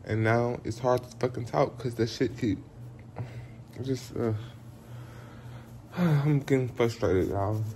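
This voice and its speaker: A man's voice: mid-range voice, unhurried, a little hiss or hum. A young man vlogging at home while sick, chatting casually and swearing, his tongue sore from a bite. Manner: chatty, animated, swears freely, talks straight to viewers. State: sick with food poisoning, bitten sore tongue. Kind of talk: casual vlog talk to camera. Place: at home in his apartment, indoors. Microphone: camera on a tripod.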